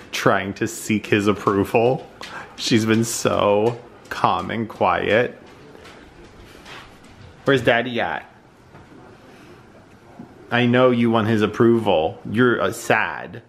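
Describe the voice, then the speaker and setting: A low-voiced man talking straight to camera in a casual home vlog. He rambles in a chatty way, dropping "like" often, with a faint hum of room noise behind him. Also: slow pace, pauses often. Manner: chatty, fills talk with "like". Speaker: vlog host.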